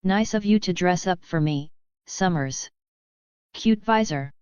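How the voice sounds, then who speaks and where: A woman's voice: lowish voice, measured pace, darkish tone, clear, resonant tone, no room sound, dull audio, lightly acted. A woman voicing an arrogant teenage boy wizard who talks in a casual, mocking way. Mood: taunting.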